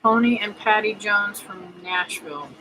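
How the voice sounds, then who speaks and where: Chatty bright-voiced woman greeting viewers. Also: mid-range voice, moderate pace, low-quality recording. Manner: chatty, greets viewers by name, many fillers. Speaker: homesteading livestream host. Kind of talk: casual livestream chat reading viewer comments.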